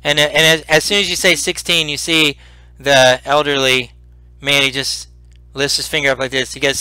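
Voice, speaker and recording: A man narrating a tabletop role-playing game as game master, animated and full of restarts. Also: on the high side, moderate pace, clean tone, no room sound, low-quality recording. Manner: animated, repeats words and restarts.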